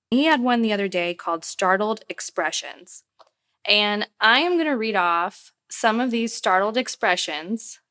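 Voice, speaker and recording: A woman's voice: medium pitch, pushed and bright. A woman co-hosting a casual podcast chat, curious and chatty as she reads items aloud to quiz her co-host.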